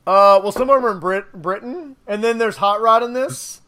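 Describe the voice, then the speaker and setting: A man with a high voice chats casually on a podcast. He rambles excitedly through his review, laughing as he goes. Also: normal speed. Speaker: podcast co-host reviewing a movie.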